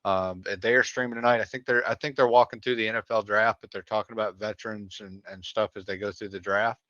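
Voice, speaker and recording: A man in his relaxed co-host role runs through the episode recap on a livestream. His voice sits on the low side, and his talk is easygoing, with filler words. The sound is dry and a little dull, like a home streaming mic. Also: fast, dry recording. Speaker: co-host of a veteran livestream show. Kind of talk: casual livestream recap chat.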